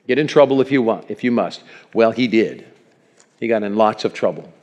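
A male pastor preaching a sermon in a church, animated and chuckling, calling for amens from the congregation. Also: on the low side, moderate pace, lo-fi sound. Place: church sanctuary. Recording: long reverb in a church hall.

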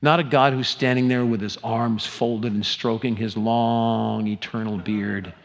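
A man's voice: mid-range voice, fairly even intonation, a little slow, creaky. Earnest male pastor preaching a sermon. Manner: earnest preaching with rising, emphatic appeals to the congregation.

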